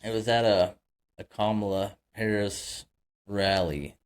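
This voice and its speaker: A man's voice: fairly low pitch, fairly even intonation, measured pace, clear, resonant tone. A man co-hosting a casual podcast chat, talking loosely with lots of fillers and agreeing easily. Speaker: podcast co-host.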